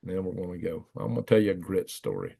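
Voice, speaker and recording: A man's voice: low-pitched, big pitch swings, quick pace, creaky, mellow, slightly rough. A middle-aged man, hosting a livestream, rambling casually and chuckling as he acts out the voices in his stories. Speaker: livestream host. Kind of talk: casual storytelling to live chat.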